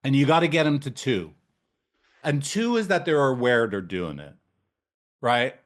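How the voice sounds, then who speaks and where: A man's voice: mid-range voice, very animated, measured pace. A male couples therapist giving a casual training talk in a room with a whiteboard. He is blunt and swears freely. He checks in with his listeners again and again.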